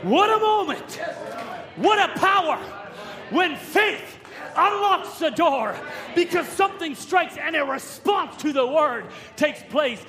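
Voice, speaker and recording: A man preaching a sermon, telling a story with repeated words and rising to shouts at key points. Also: extremely high pitch, animated, takes it slowly, crowd noise. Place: church hall. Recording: long reverb of a church hall.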